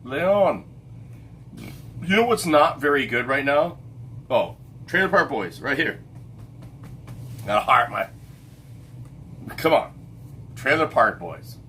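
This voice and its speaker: A man's voice: mid-range voice, animated, slow, long pauses, bright, forceful tone, slight background noise. A middle-aged man hosting a casual late-night livestream chat, rambling and stopping to hunt for names with lots of fillers and restarts. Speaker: livestream host.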